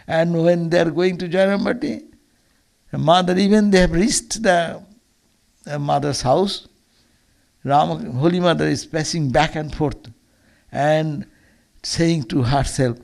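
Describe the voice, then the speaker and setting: A man's voice: on the high side, measured pace, vocal fry, pauses often, darkish tone. A man, a monk, giving a Sunday lecture as a storytelling sermon, earnest and often restarting or repeating words.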